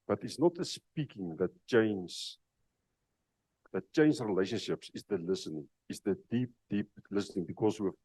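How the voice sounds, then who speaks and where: A man facilitating a dialogue event, speaking in a measured way with frequent pauses and fillers. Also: lowish voice, animated, warm tone, slightly rough, low-quality recording. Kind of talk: opening remarks as facilitator.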